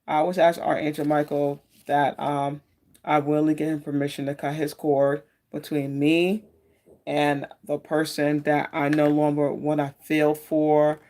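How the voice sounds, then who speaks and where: A woman's voice: sits low, level tone, measured pace, warm tone. A woman hosting a casual live-stream tarot reading. She talks in a chatty, meandering way and greets viewers by name.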